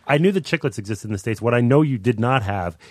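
A man's voice: fast talker, dry recording. A man from Canada, a guest sportswriter in a casual podcast chat, talking with lots of energy in a studio. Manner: animated, self-described high energy.

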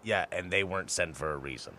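A man's voice: sits low, fast talker, sharp tone. A man playing a tabletop game, arguing plans with the group and swearing casually. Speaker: player.

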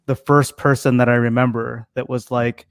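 A man's voice: mid-range voice, little pitch movement, moderate pace, smooth, no echo, clean studio sound. A man in his forties from Tennessee, chatting on a podcast in a rambling, self-deprecating way full of fillers. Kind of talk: casual podcast chat.

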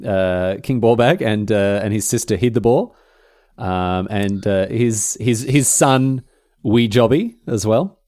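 A man co-hosting a casual podcast, chatty and quick to laugh. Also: lowish voice, no echo, clean studio sound. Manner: animated storyteller, laughs often. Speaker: podcast co-host. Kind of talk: casual chat.

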